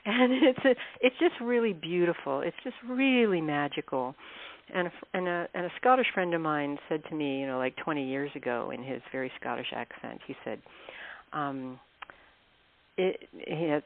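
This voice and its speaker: A woman, a guest author, telling travel stories in a chatty interview, often laughing and clearing her throat. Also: sits low. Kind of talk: casual interview storytelling. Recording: dry tinny phone line.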